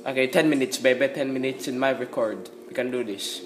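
A man giving casual gameplay commentary, talking to himself and breaking into excited exclamations. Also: medium pitch, fairly quick, background noise. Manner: excitable, frequent exclamations and yelps; talks to himself while playing.

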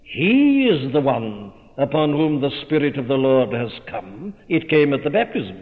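A man preaching a sermon in a slow, measured, stately way, with sudden rises in force. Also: mid-range voice, sing-song. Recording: tinny narrow-band recording in a reverberant hall.

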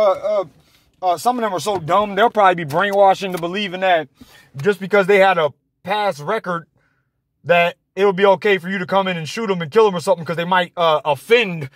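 A man delivering an angry, confrontational rant to his viewers, halting often on fillers. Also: high-pitched, no echo, studio quality. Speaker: vlogger.

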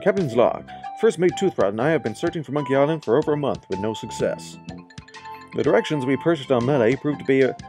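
A man voicing a young male wannabe pirate captain, reading his log entries in a dry, flat way. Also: mid-range voice, fast talker, music in the background, close to an everyday voice. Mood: weary.

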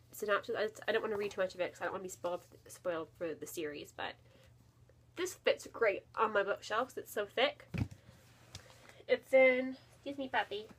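Standing near her bookshelf at home, a woman who makes book videos talks in a casual, eager way. Her medium-pitched voice has a fairly bright tone, with slight background noise, and she leans on fillers, repeated words, and a frequent "really."

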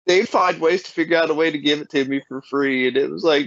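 A man telling a folksy story in casual chat, his voice leaping high whenever he quotes people. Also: fairly even intonation, fast talker, few pauses, a bit bright, no echo. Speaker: podcast guest. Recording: dull lo-fi sound.

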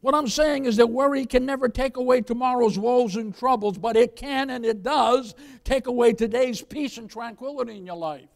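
A man in his seventies preaching a sermon as pastor, building emphasis and asking the congregation for an amen, then softening into laughing stories. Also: very high voice, normal speed, few pauses. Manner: preaching with rising emphasis and call-and-response "amen"; drops into a soft laughing storyteller voice for anecdotes.

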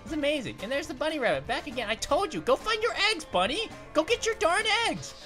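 Cartoon grape girl gamer host: goofy, excitable, giggly, with a high, lively voice and faint music behind. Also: fast. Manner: giggly, punny, yelps at danger. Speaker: host of gaming videos. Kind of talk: animated let's-play commentary.

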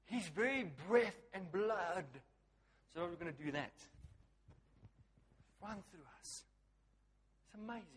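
A man preaching a lively sermon, asking the crowd questions and swinging from hushed to loud. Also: high voice, slow, long pauses, big-room sound.

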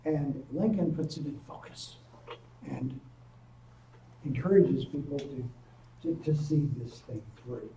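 A man, a professor, giving a history lecture to a college audience. He tells the story in a lively way and breaks in with offhand asides. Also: medium pitch, slow pace, pauses often. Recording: echoey room, distant mic, faint noise.

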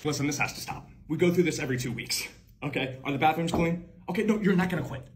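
A man's voice: a little high, quick pace, a little hiss or hum, lightly acted. A man playing several kinds of male managers in a comedy sketch, curt and businesslike. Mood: blunt. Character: blunt arrogant male boss.

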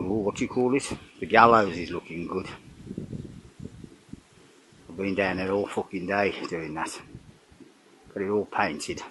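A man's voice: fairly low pitch, slight background noise, poor audio. An older man giving a rambling, casual commentary outdoors in his garden, swearing in nearly every sentence. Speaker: vlogger narrating home renovation.

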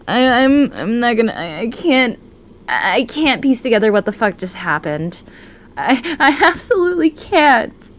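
Excitable woman streamer, high bouncy voice, unhurried delivery between outbursts. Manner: excitable, exclaiming and swearing. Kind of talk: casual live-stream chat.

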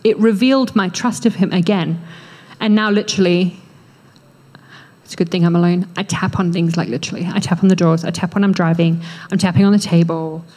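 An Australian woman preaching a sermon in a church, acting out quoted prayers with animated energy. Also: on the low side, fairly quick. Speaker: pastor. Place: church hall.

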